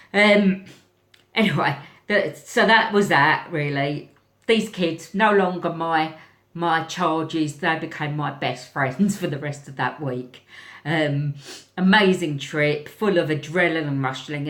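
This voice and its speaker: Lady teacher telling stories, lowish voice, throat clearing, echoey room. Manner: animated, acts out voices, frequent throat clearing. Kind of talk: casual storytelling to camera.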